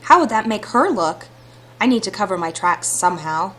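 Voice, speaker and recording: A woman's voice: medium pitch, big pitch swings, moderate pace, fairly bright tone. A woman reading aloud the lines of a young heroine who longs to escape her stepmother, in an earnest, reflective way. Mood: worried. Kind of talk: reading visual novel dialogue aloud.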